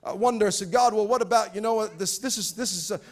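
A male pastor preaching a sermon, stammering and repeating words, building to shouted fervor. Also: high-pitched, quick pace. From Pacific Islands. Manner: repetitive stammering restarts, rising to shouting fervor.

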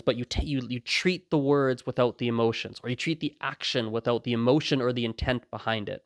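This podcaster has a mid-range voice and talks a little fast, recorded dry at studio quality. In a casual monologue he brings his stories to life by imitating the people in them, often breaking into laughter.

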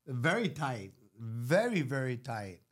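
A man with a New York Italian accent telling stories in a casual chat, animated, acting out quotes and swearing freely. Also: mid-range voice, slow pace. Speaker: celebrity hair stylist guest.

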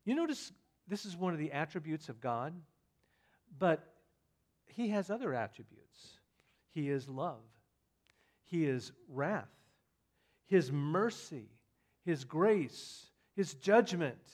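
A man preaching a sermon, dropping to soft asides and then rising to loud emphatic declarations. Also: fairly high pitch, lively intonation, slow pace, pauses often. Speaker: pastor.

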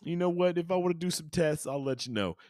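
A man's voice: a little high, fast, a little mellow, no echo, studio quality, voice pushed up, natural voice. A man voicing a brash, defiant middle-aged man who talks back with comic bravado. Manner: taunting, swaggering comic bravado.

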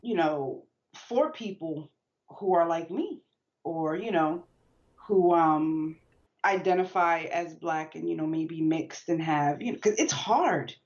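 Laid-back woman with a low voice. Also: animated, takes it slowly, darkish tone, dull audio. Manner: laid-back, hesitant, many fillers. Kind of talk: casual chat.

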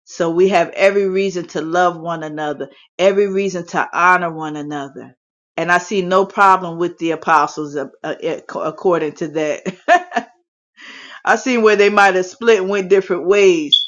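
A woman's voice: lowish voice, normal speed. A woman leading a faith chat room, preaching and praying with fervor and frequent hallelujahs. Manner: fervent, peppered with hallelujahs. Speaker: prayer leader hosting a faith chat room. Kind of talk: impassioned preaching and prayer. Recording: dull lo-fi phone audio.

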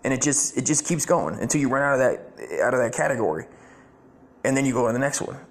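A man's voice: medium pitch, animated, quick pace. Profane rambling male commentator. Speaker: commentator reacting to a video. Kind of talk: crude comedic reaction commentary.

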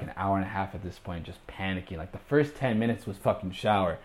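A young man telling a crude, profane personal story in casual talk, swinging from low, deflated muttering to panicked high yelps. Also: a little mellow.

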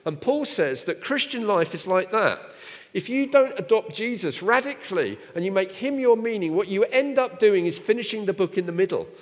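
Man, preacher, sermon, animated, fairly high voice, rhetorical questions, long church echo. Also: moderate pace.

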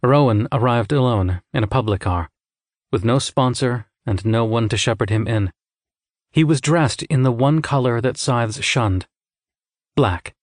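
In a clean studio recording with a dry sound, a man with a mid-range voice narrates an audiobook. His scripted storytelling is measured and even.

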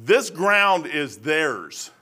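A middle-aged man preaching an informal, rambling sermon, folksy in manner and rising to loud, emphatic bursts. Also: fairly high pitch, sing-song, extremely slow, husky.

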